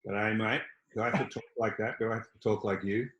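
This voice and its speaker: An older Australian man chatting as a guest over a video call, dry and teasing in a measured way. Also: fairly low pitch, steady tone, roomy sound, poor audio. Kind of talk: casual video-call chat.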